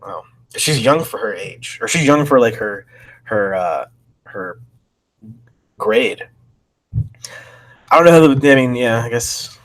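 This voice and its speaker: A man's voice: mid-range voice, expressive, slow, pauses often, a bit bright. A man reading chat logs aloud and commenting, thinking aloud and reacting with disbelief.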